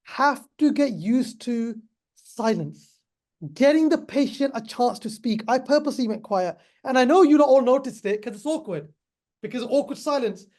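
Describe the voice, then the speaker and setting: A man's voice: extremely high pitch, animated, normal speed, darkish tone. A middle-aged man teaching pharmacists in an online webinar, chatty and repetitive, speaking straight to his class. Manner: chatty, repeats himself, addresses the class directly.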